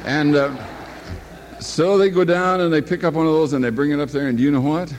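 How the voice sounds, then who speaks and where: A man's voice: fairly high pitch, steady tone, fairly quick, slight background noise. An older man telling a long personal anecdote in a folksy, meandering way, often stopping to correct himself. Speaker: storyteller. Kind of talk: rambling spoken anecdote.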